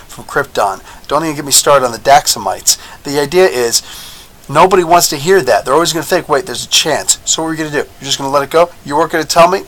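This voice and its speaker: A man giving a casual, chatty review of a TV episode, excitable, with lots of fillers and frequent laughs. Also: mid-range voice, poor audio. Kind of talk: casual video review commentary.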